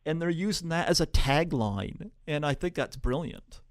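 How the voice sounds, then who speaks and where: A man's voice: fairly high pitch, animated, moderate pace, no echo, clean studio sound. A man hosting a podcast interview, chatting casually and filling his sentences with "you know" and "like". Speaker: podcast host. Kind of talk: interview chat.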